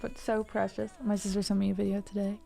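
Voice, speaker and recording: Chatty woman streamer with soft music behind. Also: mid-range voice, monotone, quick pace, creaky. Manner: chatty and affectionate, laughs often. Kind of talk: casual chat with stream viewers.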